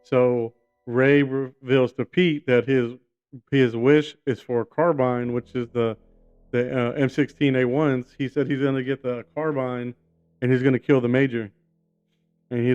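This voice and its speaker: A man's voice: mid-range voice, steady tone, unhurried, a little mellow, dull audio, soft background music. Rambling, enthusiastic man reviewing a movie. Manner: enthusiastic, rambling, many "you know" and "like" fillers. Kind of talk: casual spoken movie review.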